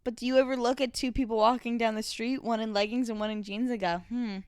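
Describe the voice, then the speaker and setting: A woman's voice: a little high, fairly even intonation, fast, clean tone, no echo, clean studio sound. A young woman co-hosting a podcast in casual chat, playful and teasing, mimicking baby talk with mock disgust. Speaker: podcast co-host.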